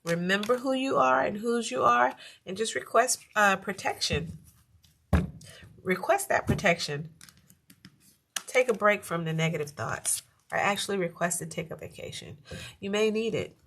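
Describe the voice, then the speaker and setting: A woman's voice: medium pitch, normal speed, vocal fry, a bit bright, far from the mic, slight background noise. A woman giving a casual tarot reading to her viewers, chatty and playful, talking to the cards as she lays them out. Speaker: tarot reader. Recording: roomy sound, set back from the mic.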